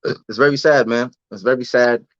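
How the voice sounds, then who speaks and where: A man's voice: mid-range voice, moderate pace, no room sound. Slangy, restarting man on a dull mic. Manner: loose slangy talk with frequent restarts and repeated words. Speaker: vlogger answering live chat. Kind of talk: casual livestream chat.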